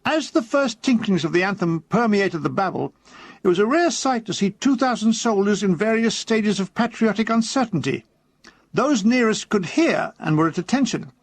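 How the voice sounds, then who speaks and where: A man with a notably high speaking voice narrates his own comic memoir, keeping his delivery dry and deadpan. He slips briefly into put-on voices for quoted characters. The recording is close and dead, with no room sound around him. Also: normal speed, no echo.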